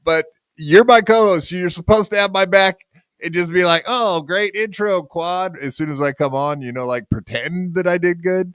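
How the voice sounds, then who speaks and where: A man's voice: sits high, normal speed, clear, resonant tone, dry recording. A man hosting a podcast in casual banter, joking and self-mocking, rambling with many fillers. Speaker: podcast host.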